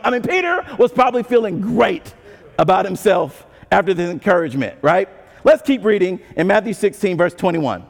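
A man preaching a sermon as pastor, conversational and animated, with frequent asides to the congregation. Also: sits high, a little fast, creaky. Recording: long hall reverb.

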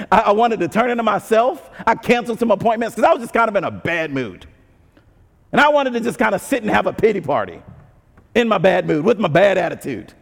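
A man preaching a sermon as pastor, conversational and animated, with frequent asides to the congregation. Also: high voice, creaky. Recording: long hall reverb.

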